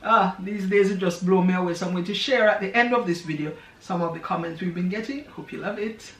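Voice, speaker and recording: A woman's voice: on the low side, fairly quick, fairly bright tone, far from the mic. A woman, chatting playfully and laughing as she cooks outdoors in a garden for a cooking vlog. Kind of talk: casual cooking chat. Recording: echoey with faint noise.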